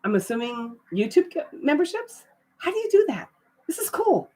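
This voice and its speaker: Speaking at a moderate pace in a high voice, a middle-aged woman chats with viewers on her casual live stream. Her trailing fillers are often broken by excited, surprised exclamations.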